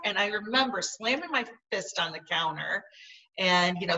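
A woman's voice: medium pitch, animated, normal speed, pushed and bright, distant mic, rough recording. A woman guest in an interview, telling a personal story in an earnest, vivid way. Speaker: podcast guest.

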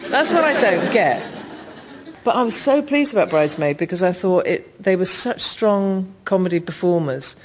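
Woman on a radio chat show, laughs a lot while she tells stories, relaxed and chatty. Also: fairly low pitch, normal speed, a faint crowd, a little hiss or hum. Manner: chatty anecdotal storytelling, often laughing. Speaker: guest comedy writer and actress. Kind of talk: casual radio interview chat. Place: radio studio.

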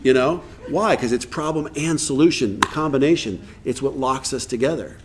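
A man's voice: medium pitch, normal speed, noisy background. Man giving a casual recovery workshop talk. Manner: conversational, reads passages aloud, acts out quotes. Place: live workshop event.

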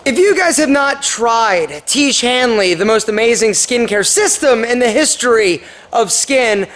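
Host, male, high and upbeat, echoey room. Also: lively intonation, measured pace, fairly bright tone. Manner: upbeat, laughs often, playful. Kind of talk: casual group chat. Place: office.

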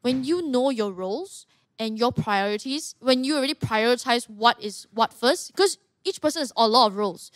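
A woman's voice: fairly high pitch, expressive, normal speed, no room sound, clean studio sound. A young woman, earnestly talking as a podcast guest, often restarting her sentences. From Malaysia. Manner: earnest, talkative, with frequent restarts. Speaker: guest, martial arts fighter. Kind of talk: casual podcast conversation.

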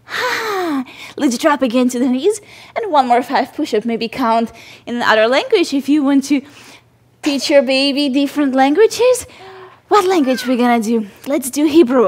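A woman guiding a yoga class in a high, light voice. She speaks slowly and gently, with encouraging cues and soft cooing to her baby. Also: slight background noise. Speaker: yoga instructor. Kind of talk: guided yoga class instruction.

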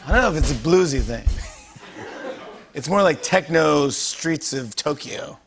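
Hoarse guy doing late night jokes, kinda high voice, cracks himself up, band playing behind. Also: lively intonation, a little slow, music in the background. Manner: playful, laughing at own jokes. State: hoarse, lost voice. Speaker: late-night talk show host. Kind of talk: comedy monologue and banter.

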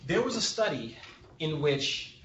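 A man's voice: on the high side, sing-song, unhurried, a bit bright, slight background noise. A man giving a conversational lecture as a sociologist, joking and often checking in with his audience. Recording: echoey room, distant and dull.

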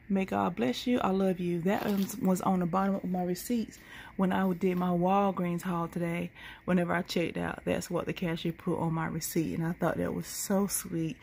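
A woman's voice: on the low side, vocal fry, a little mellow, slight background noise. A sleepy woman, rambling through a casual late-night vlog into a handheld phone. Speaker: couponing vlogger.

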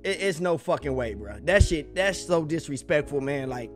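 A man's voice: fairly high pitch, expressive, normal speed. A young man hosting a music reaction video, ranting casually in slang and swearing in exasperation. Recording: faint music behind the voice.

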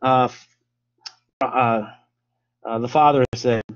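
A man's voice: medium pitch, fairly even intonation, slow, lo-fi sound. An American man presenting a casual history lesson, rambling with many filler sounds and restarts.

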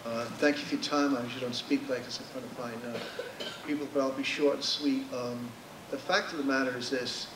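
A man's voice: mid-range voice, fairly even intonation, fairly quick, distant mic, background noise. A man giving a blunt, emphatic public comment, a little nervous at first. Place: legislature chamber. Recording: echoey chamber, speaker off-mic.

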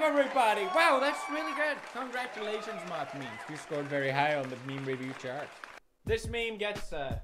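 A man hosting a comedic meme-rating show, goofy and animated, swinging from mumbling to shouting. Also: sits high. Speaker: YouTuber host.

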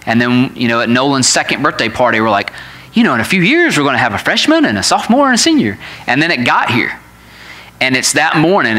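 Bright-voiced pastor telling a story. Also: male voice, medium pitch. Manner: animated, laughing at his own story. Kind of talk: sermon storytelling.

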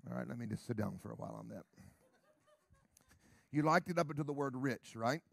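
A middle-aged American man, a pastor, preaching a brash, sarcastic sermon that swings from quiet asides to shouts. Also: mid-range voice, a little fast, vocal fry, no room sound. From United States.

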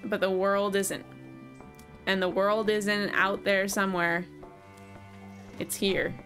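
A woman reading the lines of a stern small-town police officer in a video game, in a measured, warning tone. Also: medium pitch, level tone, a bit bright, faint music behind.

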